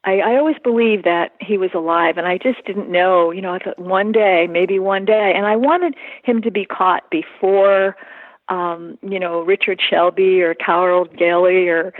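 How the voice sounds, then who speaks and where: A woman being interviewed, recalling personal events in a halting, earnest way with many fillers. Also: medium pitch, no room sound. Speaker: interview guest. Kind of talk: emotional personal recollection. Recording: tinny phone line.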